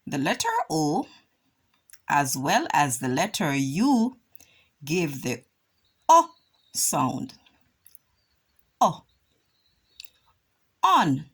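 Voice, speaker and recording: A woman teaching a children's phonics lesson, drawing out vowel sounds slowly and deliberately. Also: sits low. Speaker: reading teacher.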